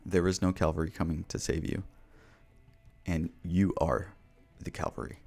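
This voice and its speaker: A man's voice: low voice, dark tone. A podcast host talking earnestly and directly to the listener as he gives motivational advice. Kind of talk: motivational talk.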